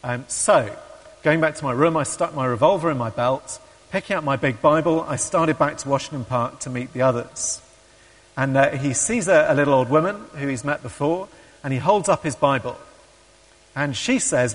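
A man's voice: on the high side, normal speed. Man preaching in a reverberant hall. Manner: hesitant with many ums, acts out quoted voices. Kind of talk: sermon with read-aloud story.

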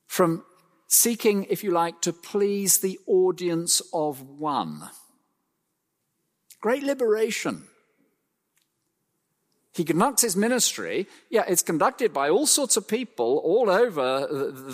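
Male preacher in a reverberant hall. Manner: emphatic, with slow stressed phrases and wide pitch swings. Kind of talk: expository sermon.

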